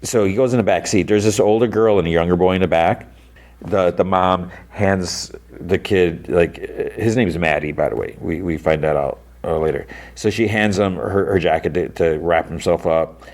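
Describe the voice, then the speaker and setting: A podcast host retells an episode in a loose, wandering way, dropping plenty of "like" and "you know." His voice sits low and has a darkish tone, and he talks at a moderate pace.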